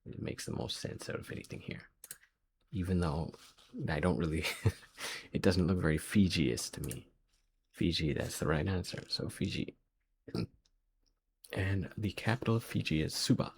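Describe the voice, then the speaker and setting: A man's voice: sits low, normal speed, creaky, long pauses, a little hiss or hum. A man thinking aloud as he works through a quiz, hesitant and muttering guesses to himself. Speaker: quiz video host.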